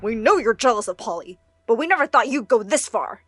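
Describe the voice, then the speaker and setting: A wealthy mother who gushes sweetly one moment and scolds curtly the next, as a woman narrator puts her on in an animated story. The voice is high and lively with big swings in pitch. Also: brisk, no echo, faint music behind. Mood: scolding. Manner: gushing to one child, curt and scolding to the other. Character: doting, dismissive adoptive mother.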